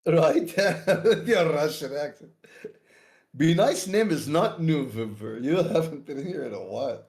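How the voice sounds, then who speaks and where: A man's voice: fairly high pitch, lively intonation, a little slow, darkish tone. A man streaming and chatting casually, laughing often as he tells stories.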